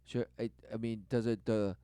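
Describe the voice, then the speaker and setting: A man giving religious commentary over clips, repeating rhetorical questions and swinging between loud bursts and low mutters. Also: flat delivery, normal speed, smooth, no echo. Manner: repetitive rhetorical, keeps asking "who knew". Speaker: online commentator.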